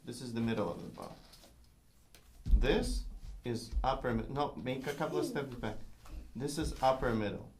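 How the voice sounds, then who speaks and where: A man's voice: mid-range voice, animated, moderate pace, slight background noise. A man who is not a native English speaker, giving a patient, encouraging one-on-one violin lesson and singing rhythms aloud. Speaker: violin teacher.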